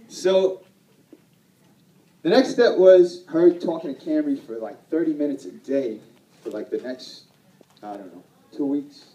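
A man's voice: fairly high pitch, moderate pace, mellow, roomy sound, recorded from a distance, low-quality recording. A man telling a personal story to an audience at an event, self-deprecating and rambling, laughing often. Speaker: speaker at a sales event.

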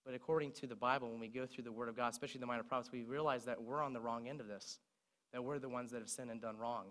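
A man's voice: mid-range voice, rapid-fire. A young man preaching a sermon, retelling song lyrics as he speaks. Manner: recites song lyrics in a speaking voice, lively storytelling.

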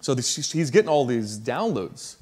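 A man preaching a sermon, telling a story in a casual, slangy way that builds to loud emphasis. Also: medium pitch, sing-song, normal speed, breathy edge.

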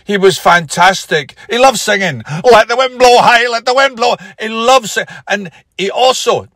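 A man's voice: extremely high pitch, normal speed, no room sound, studio quality. A man doing a rambling comedian. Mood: storytelling. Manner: rambling anecdotes, deadpan punchlines. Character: comedian from Glasgow impression, man, easygoing storyteller. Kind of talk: comic impression interview.

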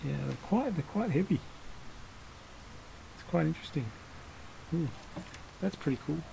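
A man's voice: on the high side, animated, moderate pace, vocal fry, warm tone, slight background noise, poor audio. A man hosting a bonsai channel, talking casually through a hands-on demonstration, rambling and correcting himself with small chuckles as he works. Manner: rambling, self-correcting, chuckles while working.

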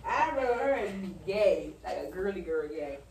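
A woman's voice: medium pitch, expressive, moderate pace, distant mic. A mother chatting casually in a doctor's office, sassy and laid-back with profane slang. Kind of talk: casual chat. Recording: roomy, off-mic, with loud background noise.

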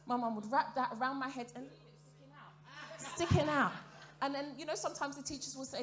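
A woman works a theatre crowd through a stand-up set. Her voice sits a little high and her delivery stays playful and chatty, full of questions thrown at the audience. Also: steady tone, moderate pace. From African heritage, grew up in Britain. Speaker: stand-up comedian. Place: theatre stage before a live audience.

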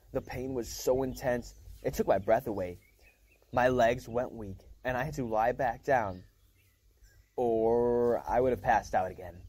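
A man's voice: mid-range voice, darkish tone. A man reading a novel aloud in a casual first-person storytelling manner, with small slips and restarts. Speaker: reader.

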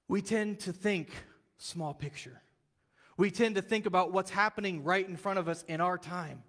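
A man preaching a sermon as pastor, telling the story in a lively, casual way and acting out the quotes. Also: fairly high pitch, big-room sound. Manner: animated storytelling, casual slang, acts out quotes. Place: church sanctuary.

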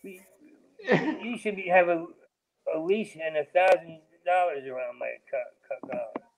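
A male comedian with a gravelly, fry-edged voice. He tumbles through a manic, rambling riff and stammers over sounds and whole words as he leaps from one idea to the next. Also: fairly high pitch, animated, normal speed, narrow, tinny audio. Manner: manic, jumps between topics. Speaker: comedian guest. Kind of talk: rambling stream-of-consciousness comedy riffs.

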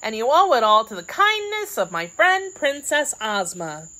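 Dorothy, a woman doing a bright high-voiced girl. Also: very animated, normal speed, low-quality recording. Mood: cheerful. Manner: bright, eager and reassuring. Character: young farm girl turned princess, cheerful.

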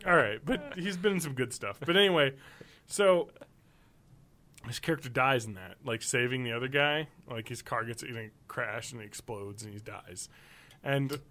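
A male podcast co-host talking loosely and at length. He rambles from point to point, swears freely and breaks into laughter often. His voice sits at an ordinary middle pitch. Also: normal speed, pushed and bright. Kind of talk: casual chat.

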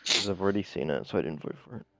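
Gravelly young man gaming. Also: sits low, very fast, no room sound. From Tasmania, Australia. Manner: relaxed, swearing banter. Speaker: gamer. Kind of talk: gaming voice chat.

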